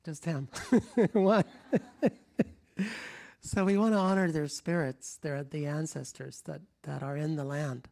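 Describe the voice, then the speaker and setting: His voice is on the high side, steady in tone, a little slow, with vocal fry. He's a middle-aged public speaker from rural Kentucky, now with a General American accent, telling stories to a live lecture-room audience in a warm, rambling way, restarting often, chuckling and moving about.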